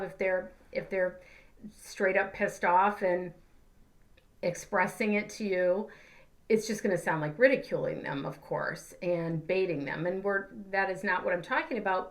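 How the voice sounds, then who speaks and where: A woman, a life coach and therapist, giving a casual spiritual teaching talk in an earnest, conversational way. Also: medium pitch. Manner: earnest, conversational, acts out examples in her own voice.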